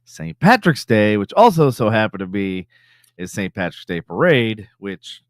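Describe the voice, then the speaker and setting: Teasing podcast co-host. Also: male voice, on the low side, big pitch swings, no room sound, studio quality. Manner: teasing, quick short replies. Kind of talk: casual podcast banter.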